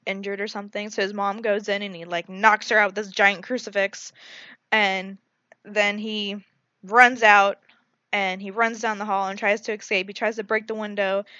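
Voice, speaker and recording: Bright, animated young woman recapping a movie. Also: medium pitch, dry recording, lo-fi sound. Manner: animated, swearing, frequent "like" fillers.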